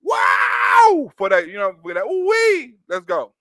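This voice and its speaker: Stream host, man, very high and bright voice, loud jokey reactions, dry close mic. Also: huge pitch swings, normal speed, no echo. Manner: loud, joking, laughs often, repeats himself. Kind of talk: casual stream commentary.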